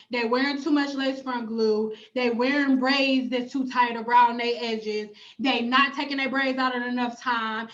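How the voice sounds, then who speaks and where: A woman's voice: high voice, fairly bright tone, lo-fi sound. A woman, hosting a casual hair-care livestream from home and reading viewer comments, sassy, emphatic and profane. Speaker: hair stylist and cosmetologist vlogger.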